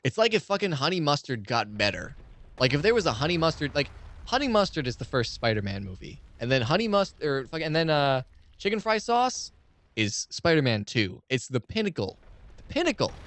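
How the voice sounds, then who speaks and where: With a fairly high-pitched voice and a brisk delivery, a young let's play streamer from the United States rants excitably over his game, rambling casually and swearing freely.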